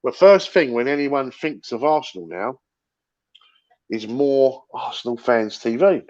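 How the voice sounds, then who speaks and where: A man's voice: mid-range voice, measured pace, darkish tone, lo-fi sound. A middle-aged man, rambling and swearing as he chats about football on a fan livestream. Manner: rambling, repeats himself, swears. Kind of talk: casual livestream chat.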